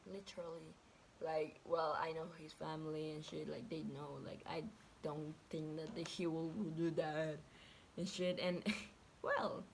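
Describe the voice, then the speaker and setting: A woman's voice: low-pitched, slight background noise. Woman, profane storyteller. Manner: chatty and profane, packed with "like", acts out quotes. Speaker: vlogger. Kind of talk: casual storytelling.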